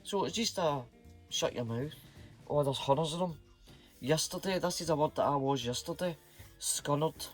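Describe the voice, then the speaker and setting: A man's voice: a little high, normal speed, soft background music. A middle-aged man with a Scottish accent, chatting casually and playfully to his vlog viewers in a rambling way. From Scotland. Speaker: channel host.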